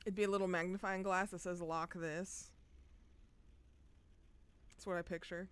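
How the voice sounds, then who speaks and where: A woman's voice: mid-range voice, little pitch movement, fast, clean tone. A young woman streaming a game live, chatting casually with joking, profane remarks while reading the story aloud.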